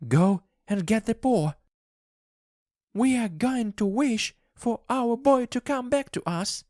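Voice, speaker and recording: A frantic, grief-stricken old mother with a voice pitched far up, crying out and pleading in a storybook reading, as a male narrator puts her on. Her lines come out slow and close, with nothing around them. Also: sing-song, a little mellow, no room sound, exaggerated voice. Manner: high, pleading cries. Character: grieving older woman, desperate and frantic.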